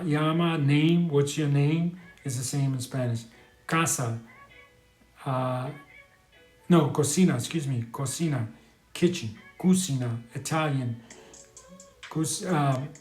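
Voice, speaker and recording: A man's voice: medium pitch, a little mellow, reverberant. A man talking casually on a live stream, rambling and hesitant, with many restarts and apologies as he answers a question. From New York.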